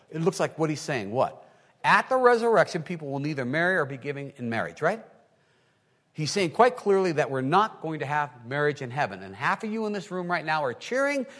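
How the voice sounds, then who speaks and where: Animated male pastor preaching in a hall. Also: on the high side, brisk. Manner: animated preaching, swinging from quiet to loud, plays out listeners' voices. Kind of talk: sermon. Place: large hall with an audience. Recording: long hall reverb.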